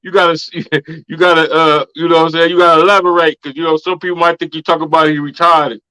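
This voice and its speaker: A man's voice: on the high side, little pitch movement, fast talker, sharp tone, smooth, poor audio. A man co-hosting a podcast, teasing his friend and laughing often in casual banter. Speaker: podcast co-host.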